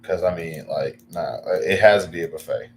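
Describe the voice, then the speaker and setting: Deep-voiced man rambling on a livestream. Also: normal speed, slight background noise. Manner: rambling, filler-heavy, with excited bursts. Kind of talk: casual livestream chat.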